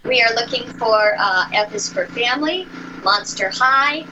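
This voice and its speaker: A woman's voice: fairly high pitch, expressive, highs cut off, background noise. A woman voice actress giving chatty, upbeat advice as an interview guest over a remote line. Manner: chatty, upbeat, quick asides. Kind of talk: casual interview answers.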